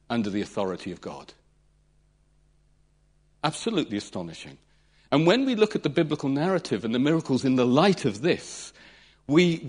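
Guy preaching, really animated, voice jumps all over, acts out the stories. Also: medium pitch, husky. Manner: animated, dramatic retelling with acted-out voices. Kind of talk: sermon.

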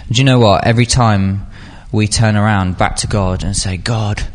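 A young man with a lowish voice gives an informal sermon to a youth group at a moderate pace. He's chatty and loaded with fillers, and gets animated whenever he jumps into acting out scenes.

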